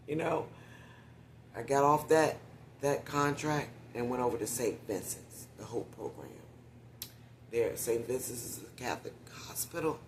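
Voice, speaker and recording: A man's voice: medium pitch, normal speed, slight background noise. A man in a casual vlog monologue, chatting directly to viewers with frequent whispered asides and getting short of breath when he talks for long.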